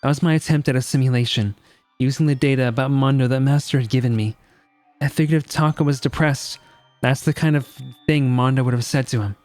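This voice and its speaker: A man voicing a polite, helpful young AI program in a game, speaking gently and analytically. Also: mid-range voice, steady tone, brisk, dry recording, faint music behind, lightly acted. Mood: earnest.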